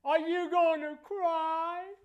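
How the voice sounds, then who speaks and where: Man playing a jeering bully boy, sing-song taunts, very high and shrill. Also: flat delivery, takes it slowly, phone-quality sound.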